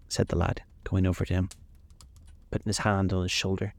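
Man, narrator, classic novel reading, gravelly, dry close sound. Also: low-pitched, flat delivery, fairly quick, dry recording.

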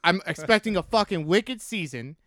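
A man's voice: high-pitched, lively intonation, moderate pace, a bit bright, dry recording, clean studio sound. A man doing a cursing Boston sports fan. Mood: exasperated. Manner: cursing, ranting. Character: fed-up male Boston baseball fan.

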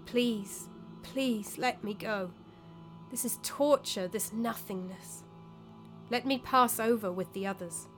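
A woman's voice: medium pitch, slow, fairly bright tone, soft background music. A woman voicing the ghost of a young male warrior who pleads in a dry, wry tone. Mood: hollow.

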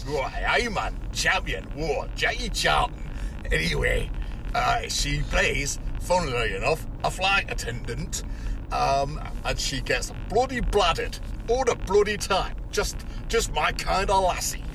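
A bawdy, rambling Geordie lad, as a man puts him on for a comic voice message. His voice sits a touch high and swings widely, and he drawls along slowly. Engine noise rumbles under the recording. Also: lively intonation, vocal fry. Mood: bawdy, jovial. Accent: put-on Geordie. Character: crude boozy Geordie man posing as a famous actor. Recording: noisy recording with car rumble.

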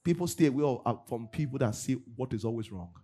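A man preaching a sermon in church, swinging between loud bursts and low asides. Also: expressive, quick pace, breathy edge, faint music behind. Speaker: pastor. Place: church service.

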